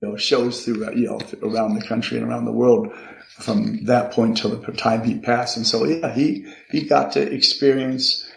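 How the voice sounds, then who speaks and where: An older man, a podcast guest, earnestly telling a personal story about his father, halting often with repeated restarts. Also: mid-range voice, gravelly. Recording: echoey room. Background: card shuffling.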